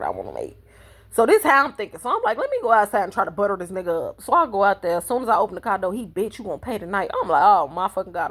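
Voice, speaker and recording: Blunt, husky-voiced woman telling a story. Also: fairly low pitch. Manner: blunt, profane, conversational. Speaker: vlogger. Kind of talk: casual storytime monologue.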